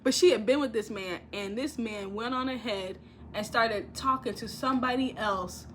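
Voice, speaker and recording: A young woman vlogger casually recaps a reality show, telling it in an animated way with frequent laughter and acted-out quotes. Her voice sits on the high side at a normal speed, with a little hiss or hum in the recording.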